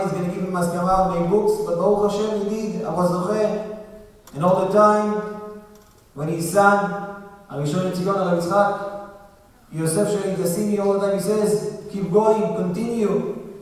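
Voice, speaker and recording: High-voiced rabbi in an echoey hall. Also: male voice, fairly even intonation, moderate pace. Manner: earnest, storytelling with emphatic rises. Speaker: rabbi giving a eulogy. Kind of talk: eulogy sermon. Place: synagogue hall. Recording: distant echoey hall recording.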